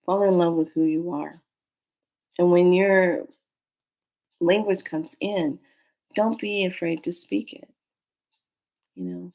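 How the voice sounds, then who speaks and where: Slow, gravelly-voiced woman telling a story. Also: on the low side. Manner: unhurried, animated retelling of a dream, acting out quoted voices. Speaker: spiritual storyteller. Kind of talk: casual storytelling monologue.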